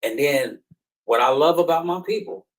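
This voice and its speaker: A man's voice: on the high side, animated, moderate pace, rough recording. A man hosting a podcast, talking in an emphatic, slangy, preaching way. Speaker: podcast host. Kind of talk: casual chat.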